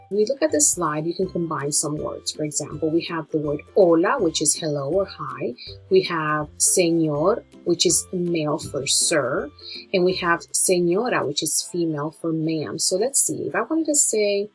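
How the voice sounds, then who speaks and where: Husky-voiced woman teaching a lesson. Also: on the low side, expressive, soft background music, low-quality recording. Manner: slow, drawn-out pronunciation of Spanish words. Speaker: nurse teaching Spanish. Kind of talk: slide-based language lesson.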